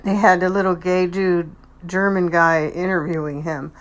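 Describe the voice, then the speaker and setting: A woman's voice: fairly low pitch, little pitch movement, normal speed, soft background music. A woman hosting her own channel, rambling and repeating herself as she comments on someone else's speech in video clips. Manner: rambling and repetitive, analyzing others' speech.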